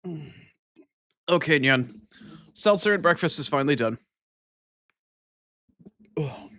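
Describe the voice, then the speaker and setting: With a slightly high, pushed and bright voice and lively intonation, a male streamer chats casually and profanely with his viewers. He eats as he talks, mumbling unhurriedly and ending lines with a cat-like "nyan," all in dry, booth-like audio with no echo.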